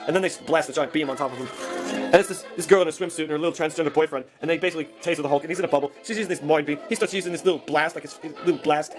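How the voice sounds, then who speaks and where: A man's voice: on the high side, rapid-fire, music in the background. A man recapping a comic book in a casual, rambling, profane way.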